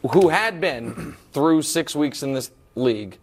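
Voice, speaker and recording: A man's voice: on the high side, expressive, takes it slowly. A man co-hosting a football picks show, bantering and teasing with mock outrage. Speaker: sports show co-host.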